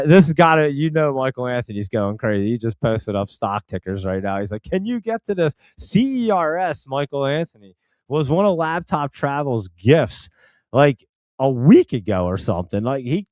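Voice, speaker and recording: Male stock-show host, casual live-stream rambler, mid pitch, dry close sound. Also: a little mellow, clean tone, no echo. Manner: rambling, chatty, with many fillers and restarts.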